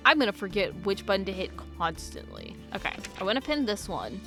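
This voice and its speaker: A woman's voice: mid-range voice, wildly swooping pitch, brisk. A young woman giving casual let's-play commentary, joking and mocking herself as she plays. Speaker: gaming YouTuber. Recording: game music playing behind.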